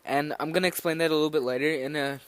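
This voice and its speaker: Nervous young man teaching, smooth dry voice. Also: a little high, fairly even intonation, rapid-fire, dry recording. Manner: nervous, rambling, hesitant with fillers and restarts. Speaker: language teacher. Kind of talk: informal spoken lesson.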